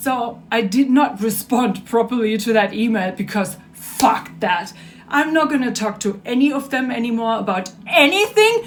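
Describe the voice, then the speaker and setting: Young woman, super high voice, bright and sharp, angry diary rant full of swearing. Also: lively intonation, normal speed. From Germany. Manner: agitated, profane, swinging between low muttering and shouting. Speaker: vlogger.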